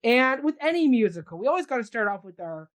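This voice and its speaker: A woman's voice: a little high, sing-song, fast talker. A woman hosting a casual arts talk show, introducing guests with enthusiasm. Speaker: host. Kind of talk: casual chat.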